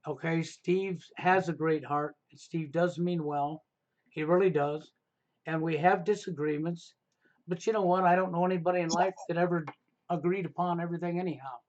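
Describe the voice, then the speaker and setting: A middle-aged man hosts a live stream in a high-pitched voice. He talks in an emphatic, preachy way and keeps tagging his points with "okay?". The sound is dull and lo-fi. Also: fairly even intonation, normal speed, a little mellow. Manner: emphatic, repeats "okay?" to drive points home. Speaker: livestream host. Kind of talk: casual advice talk on a live stream.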